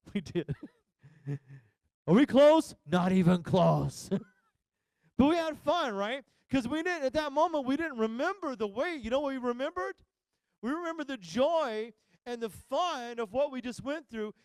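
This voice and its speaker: A pastor preaching a sermon, telling a funny family story and acting out the voices of everyone involved. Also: male voice, extremely high pitch, expressive, unhurried, clean tone, no echo, studio quality. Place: church sanctuary.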